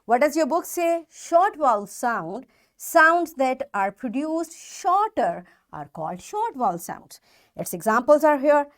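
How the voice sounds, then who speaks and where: A woman's voice: high voice, big pitch swings, unhurried. A woman with a Pakistani English accent teaching a recorded phonics lesson to children, patiently repeating example words and checking that they follow.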